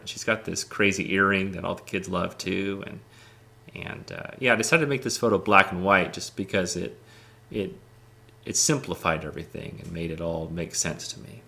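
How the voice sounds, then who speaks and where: A man with a very low, gravelly voice talks loosely through his pictures. His tone has a bright, forward edge, and he rambles with plenty of ums and easy enthusiasm. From United States. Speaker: photographer showing his photos. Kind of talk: casual talk over photos.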